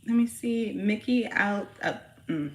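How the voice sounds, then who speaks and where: A woman speaking at a measured pace in a medium-pitched voice hosts an informal tarot reading at home, her young son nearby. As a tarot reader and channel host, she addresses viewers in slangy, profane, hyped-up talk, recorded with roomy echo and faint background noise.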